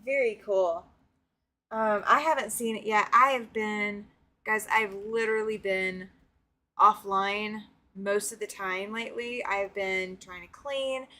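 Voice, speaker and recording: A woman's voice: medium pitch, steady tone, takes it slowly, bright, forceful tone. A woman from the Southern US with a Southern accent, hosting a casual quilting livestream, chatting and laughing as she reads viewer comments aloud. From Southern United States. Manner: chatty, laughs often, talks straight to viewers. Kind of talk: casual live-stream chat, reading viewer comments.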